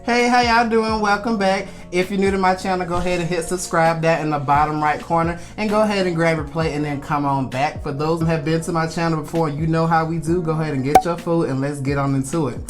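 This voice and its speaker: A man's voice: on the high side, steady tone, fast, few pauses, soft background music. A young man in his twenties, hosting a casual mukbang food vlog in a laid-back, chatty way and laughing easily.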